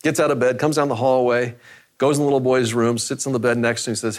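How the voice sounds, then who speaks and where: A man's voice: mid-range voice, fairly even intonation, quick pace. A man preaching a sermon in a conversational way, often repeating phrases for emphasis. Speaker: pastor.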